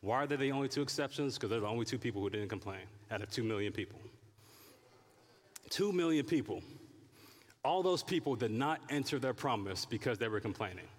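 A man's voice: medium pitch, a little fast. Man preaching in a reverberant hall. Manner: animated, acts out prayers and complaints in character voices. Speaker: pastor. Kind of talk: sermon.

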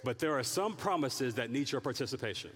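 A man preaches to his congregation, slipping into playful impressions of people praying and grumbling. His voice sits at an ordinary pitch. The sound carries the long reverb of a church hall. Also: brisk. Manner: animated, acts out prayers and complaints in character voices. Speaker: pastor. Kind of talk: sermon.

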